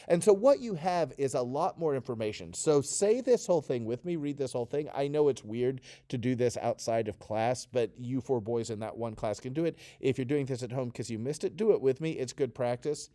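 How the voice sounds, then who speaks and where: Mellow-voiced male theatre teacher coaching. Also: mid-range voice, animated, normal speed, no echo, studio quality. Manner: explanatory, coaching students to read along. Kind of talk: recorded oral interpretation lesson.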